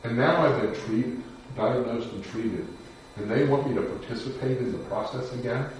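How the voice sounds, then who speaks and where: A man, a defense lawyer, telling a personal story in a measured, somber way with pauses and fillers. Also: medium pitch, far from the mic, a little hiss or hum. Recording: echoey room picked up from afar.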